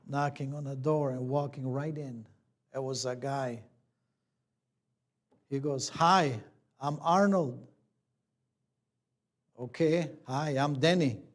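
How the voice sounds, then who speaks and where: A man's voice: a little high, mellow. A man, a church elder, telling a personal story in a plain conversational sermon, acting out the dialogue.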